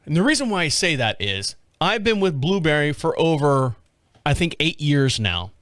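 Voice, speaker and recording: A man's voice: a little high, very animated, moderate pace, a bit bright, dry recording, studio quality. A man hosting a podcast who tells a story in a casual, rambling way, with lots of repeated words and restarts. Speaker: podcast host.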